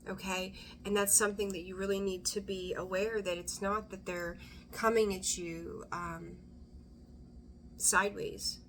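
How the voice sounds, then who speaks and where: A woman's voice: mid-range voice, flat delivery, a little slow, a bit bright, a little hiss or hum. A woman giving a casual, rambling tarot reading, often dropping into a whisper as she talks. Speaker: tarot reader.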